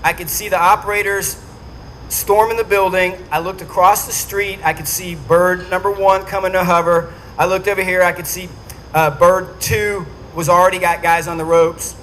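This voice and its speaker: A man speaks to a dinner audience in a high-pitched voice and tells his story with animation, acting out each quote. A faint hum of the event venue sits under him. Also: level tone, normal speed, a bit bright, poor audio.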